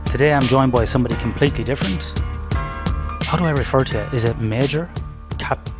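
A man's voice: medium pitch, fairly quick, over music. Australian man hosting a podcast. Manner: chatty, curious questioning. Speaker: podcast host. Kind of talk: podcast interview.

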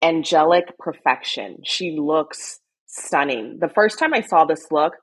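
A young woman co-hosting a casual fashion chat, excitable and animated, squealing when she gets excited. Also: low-pitched, unhurried, slightly rough. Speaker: co-host.

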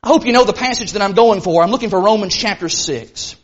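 A man preaching a sermon in an earnest, emphatic way, rushing some phrases and slowing hard on others. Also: high-pitched, muffled recording. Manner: earnest, emphatic, with sudden bursts of speed and slow stressed phrases.

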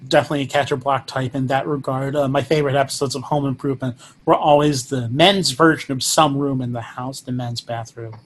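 A man co-hosts a relaxed movie chat, retelling the plot and cracking dry, mock-serious jokes. A faint hiss sits under his mid-pitched voice. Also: brisk. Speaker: podcast co-host. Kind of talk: casual movie review chat.

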